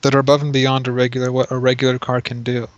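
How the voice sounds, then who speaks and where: A man co-hosting a casual podcast talk, his voice level and flat in pitch. He stops and restarts as he reads things aloud. The sound is dull and lo-fi. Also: no echo. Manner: reads search results aloud, halting. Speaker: podcast co-host. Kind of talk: casual chat.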